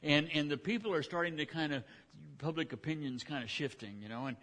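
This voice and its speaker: A pastor preaching a sermon, retelling a scripture story in a folksy, conversational way with frequent restarts. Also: male voice, on the high side, a little fast, fairly bright tone.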